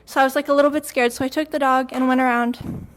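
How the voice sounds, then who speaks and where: A teenage girl on a youth radio team tells a spooky story in a casual, chatty way, her high voice holding a steady tone at a quick pace. She giggles often and fills her speech with lots of fillers.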